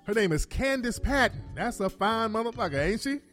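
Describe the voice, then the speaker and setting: Animated, cursing man commentator. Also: high-pitched, brisk, soft background music. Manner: animated, profane, laughing asides. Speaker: commentary host. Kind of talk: casual commentary.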